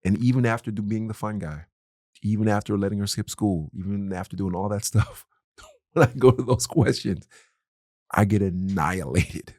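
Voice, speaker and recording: A man co-hosting a podcast, talking in a lively, self-mocking way in casual conversation and laughing often. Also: on the low side, moderate pace, no room sound, clean studio sound.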